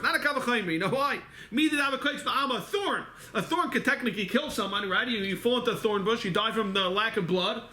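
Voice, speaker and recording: A man teaching a Talmud study class, moving quickly through the text and answering his own questions as he goes. He speaks in a synagogue study hall. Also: extremely high pitch, bright, forceful tone. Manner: rapid, quizzing himself with questions. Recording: echoey hall recording.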